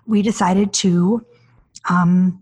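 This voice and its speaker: Expressive woman podcast host, very husky. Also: drawn-out words. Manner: animated, acts out quoted voices with big pitch jumps; emotional, near tears. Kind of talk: personal storytelling monologue.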